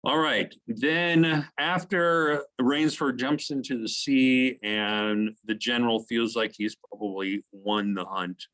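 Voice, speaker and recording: A man giving a recorded literature lesson in a conversational teaching manner, asking questions and filling pauses with "okay" and "um". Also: medium pitch, a bit bright, low-quality recording.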